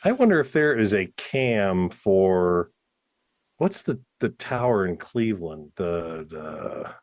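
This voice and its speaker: Low-voiced man with a lively delivery. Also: slow pace. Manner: chatty, self-deprecating, stammering restarts. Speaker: podcast co-host. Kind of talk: casual chat. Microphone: home podcast mic, remote.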